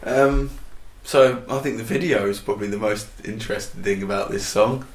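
A man, co-hosting a casual music chat and retelling scenes with animated energy. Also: fairly low pitch, reverberant. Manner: animated storyteller who acts out scenes. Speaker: podcast co-host reviewing songs.

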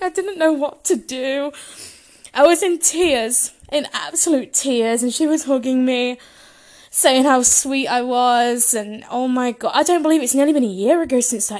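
A young woman tells a personal story. Her voice sits a little on the high side, and she tells it with open, gushing emotion. Laughter keeps slipping into her telling.

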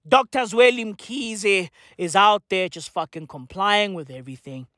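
A woman's voice: mid-range voice, unhurried, fairly bright tone, dry recording, studio quality, voice pushed down, natural voice. A woman putting on a dismissive male head of state who swears offhandedly. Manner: profane, offhand.

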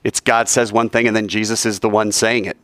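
A man teaching a Bible class, animated and quizzing the class with questions. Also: lowish voice, fairly quick, no room sound, studio quality.

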